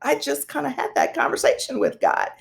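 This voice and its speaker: A woman guest, a psychologist and pastor, telling a personal story in an interview, animated and conversational with touches of self-deprecating humor. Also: fairly quick, vocal fry. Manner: animated, acts out quoted dialogue with big pitch swings.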